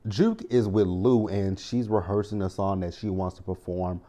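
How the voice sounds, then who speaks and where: A man's voice: deep voice, normal speed, warm tone. A man giving a chatty, rambling recap of a TV episode, full of asides. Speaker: TV show recap vlogger. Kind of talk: casual recap commentary.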